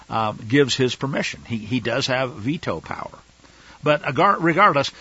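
A man teaching a Torah study in an explanatory way, halting often with fillers. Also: medium pitch, fairly bright tone, slightly rough, dull audio. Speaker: Bible teacher.

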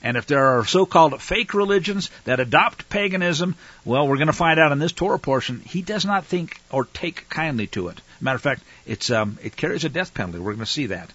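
A male Bible teacher reads passages aloud and breaks in with emphatic, fiery commentary. His husky voice swings widely in pitch. The sound is dry and a little dull, like a lo-fi recording. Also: expressive, a little fast, few pauses, a bit bright, no echo. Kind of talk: scripture reading with commentary.

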